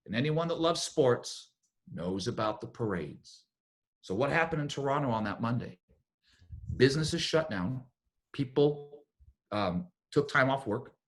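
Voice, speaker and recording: A man coaching a business team, giving a motivational talk and telling stories in an animated way. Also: medium pitch, a little slow. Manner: animated storyteller, acts out what others said.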